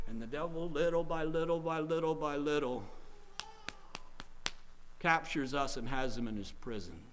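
A man preaching a sermon in a church, telling stories dramatically and swinging from hushed tones to loud outbursts. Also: on the high side, normal speed, pauses often, rough recording.

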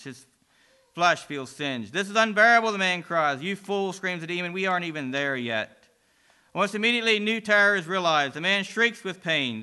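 Bright, clear male story narrator. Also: fairly high pitch. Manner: dramatic, swinging between loud and hushed. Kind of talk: dramatic religious story reading.

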